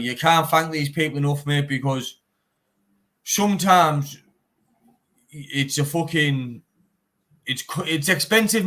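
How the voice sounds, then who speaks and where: A man's voice: on the high side, fairly bright tone. A young man, a bare-knuckle fighter in a casual live-stream interview, talking animatedly, swearing often and saying "mate" all the time. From Teesside, northeast England.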